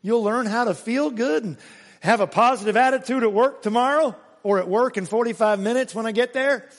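A male pastor preaching a sermon, emphatic, swinging between raised exclamations and hushed asides. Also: very high voice, brisk, big-room sound. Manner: emphatic preaching with sudden rises and hushed drops.

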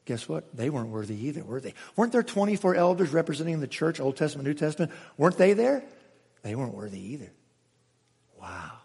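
A male pastor preaching with a highly animated, rising and falling delivery, booming one moment and dropping to a near hush the next. His voice sits high and a little husky. The sound carries the long reverb of a large church hall. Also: quick pace. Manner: dramatic, swings from loud exclamations to hushed asides. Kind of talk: sermon.

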